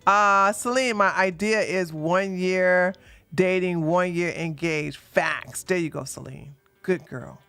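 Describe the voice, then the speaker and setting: Bright-voiced woman streamer chatting casually. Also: lowish voice, slow, vocal fry, soft background music. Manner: loud, animated reactions with laughter. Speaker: commentary stream host. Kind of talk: casual live-stream commentary.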